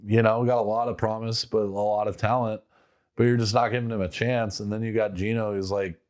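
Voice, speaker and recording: Young guy on a podcast ranting about his football team, kinda low voice, animated. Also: a little fast. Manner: animated, mimics players with loud quoted outbursts. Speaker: podcast co-host. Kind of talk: casual sports chat.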